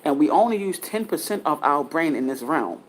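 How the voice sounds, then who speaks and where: A man's voice: on the high side, animated, normal speed, a little hiss or hum. A man giving a casual spiritual talk, earnest and lecturing, rambling and often restarting his sentences. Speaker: spiritual teacher.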